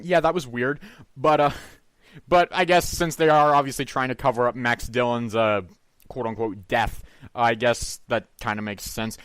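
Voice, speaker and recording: A man co-hosting a casual movie review, laughing often and landing sarcastic asides. His voice is notably high for a man, recorded close and dry. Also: fairly bright tone, clean tone, no echo. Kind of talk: casual film review chat.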